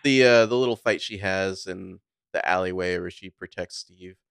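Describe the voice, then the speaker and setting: Casting: man, very low smooth voice, dry close mic, chatty film critic. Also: moderate pace, a bit bright, dry recording. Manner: rambling, filler-heavy, opinionated. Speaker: podcast co-host. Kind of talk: casual movie review chat.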